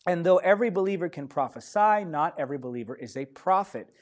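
A young adult man, a pastor, teaching a sermon with lively, emphatic stresses. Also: fairly high pitch, fast. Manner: emphatic, lively preaching with sudden loud stresses.

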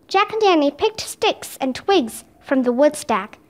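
Reading a children's chapter book, a woman with a high voice narrates steadily and with expression, swinging through a broad, lively pitch range. She goes a little slowly and pauses rarely.

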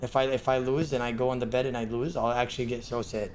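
Excitable male streamer, mid-pitched voice, yells and laughs in bursts, talks to himself, faint background noise. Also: fast talker. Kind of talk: live game streaming commentary.

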